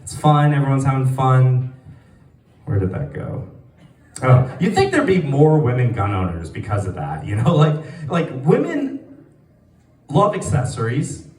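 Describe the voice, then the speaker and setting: A male stand-up comic rambling through his set with lots of fillers, his pitch swinging all over the place. He chuckles at his own jokes. The room is echoey and he sounds some distance from the mic. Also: big pitch swings, normal speed, a little mellow. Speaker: stand-up comedian. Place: small comedy venue, sparse audience.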